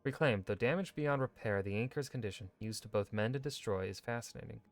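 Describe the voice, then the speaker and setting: A man streaming a video game, reading in-game lore texts aloud in a measured, steady way with brief asides. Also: mid-range voice, vocal fry. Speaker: gaming streamer.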